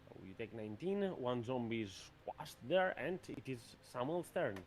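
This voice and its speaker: Guy running the game, lively voice, narrating monster moves, faint hiss behind. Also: medium pitch, normal speed. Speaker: game master.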